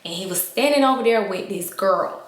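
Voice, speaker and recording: A young adult woman telling a candid storytime vlog to her viewers, animated and chatty, acting out the scenes as she goes. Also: medium pitch, moderate pace, echoey room. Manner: animated, reenacting scenes with voices and gestures. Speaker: vlogger.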